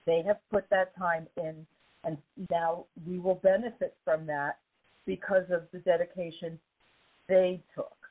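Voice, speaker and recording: A woman hosting a podcast in casual chat, talking effusively and with emphasis, her voice a little hoarse after an illness. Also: on the low side. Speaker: podcast host. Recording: phone-like narrow band.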